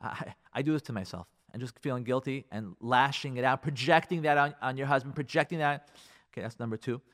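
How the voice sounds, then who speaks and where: A man, a rabbi, giving marriage advice in a casual, animated talk full of repeated rhetorical questions. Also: medium pitch, brisk.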